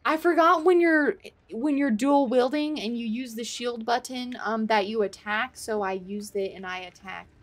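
A woman streaming a video game live, reacting with excitable, panicky commentary, laughing and swearing often. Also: fairly high pitch, normal speed, few pauses.

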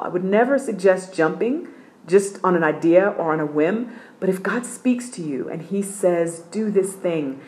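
A middle-aged woman with a fairly low voice recounts a personal testimony from her apartment. She tells it in an animated, emphatic way, acting out each voice in the dialogue with plenty of swings in energy. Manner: acts out dialogue, lively and emphatic. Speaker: missionary sharing a testimony.

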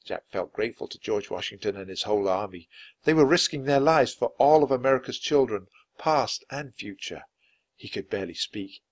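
A man reading a children's chapter book aloud, narrating clearly and expressively. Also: lowish voice, lively intonation, normal speed. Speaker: storybook reader.

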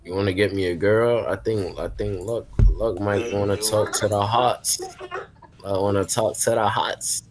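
A man runs a live game stream, chatting with viewers and teammates in a relaxed, slangy way and repeating chat's questions aloud. His voice is lowish and steady, his pace measured, and crowd noise sits behind him.

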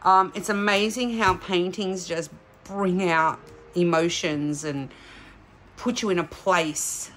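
A chatty woman hosts a casual unboxing vlog, her voice bright and crisp, sitting a touch low. She talks straight to her viewers. There is a faint ambient hiss behind her. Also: steady tone, slow. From Australia. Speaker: diamond painting channel host.

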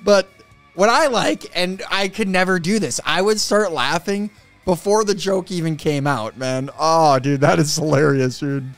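A man from central Minnesota hosting a reaction video, animated and laughing a lot as he comments on clips. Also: on the high side, measured pace, soft background music. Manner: animated, laughs often, says "dude" and "man".

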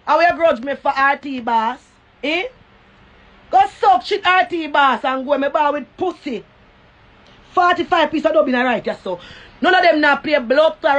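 A woman's voice: sits high, fairly bright tone, muffled recording. A Jamaican woman ranting on a phone live stream, full of profanity and taunts that keep repeating. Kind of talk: cussing rant on a live stream.

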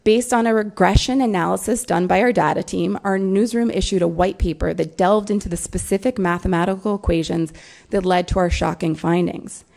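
A woman lawyer giving a prepared symposium talk, measured and emphatic. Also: on the low side, steady tone, vocal fry, a little mellow. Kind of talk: prepared speech.

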